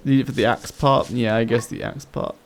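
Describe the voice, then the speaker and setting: Laid-back british guy streaming a game, mid pitch, chatting to chat, noisy game sound behind. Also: a little fast. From United Kingdom. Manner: relaxed, answers chat questions while playing. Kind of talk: casual live-stream chat.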